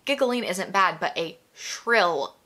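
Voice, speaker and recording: Bright, emphatic woman in commentary. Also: lowish voice, expressive, slow pace. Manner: emphatic, full of exasperated rhetorical questions; casual, filler-heavy with frequent "like". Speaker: video essay host. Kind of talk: video essay commentary.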